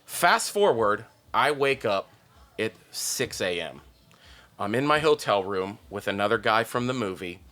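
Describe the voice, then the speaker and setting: Male comic, raunchy excitable storyteller, lively swooping delivery. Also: on the low side, a little slow. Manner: profane, excitable, peppers story with "like" and "okay?". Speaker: stand-up comedian guest. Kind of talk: podcast storytelling.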